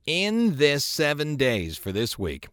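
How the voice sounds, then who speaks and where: A man's voice: a little high, huge pitch swings, slow, a bit bright, dry recording. A man hosting a radio show in a studio, talking in a casual, joking, self-deprecating way close to a studio microphone.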